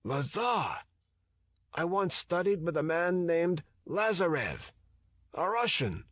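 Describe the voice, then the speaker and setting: A man's voice: fairly high pitch, very animated, takes it slowly, fairly bright tone, no room sound, voice pushed up, exaggerated voice. A man voicing an aloof elderly male scientist who has an Eastern European accent and speaks curtly and reservedly.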